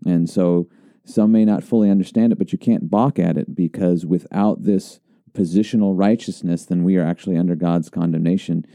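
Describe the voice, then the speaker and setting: Low dark-voiced pastor guy on a podcast, dead dry sound, earnest emphatic teaching. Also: steady tone, brisk, no room sound.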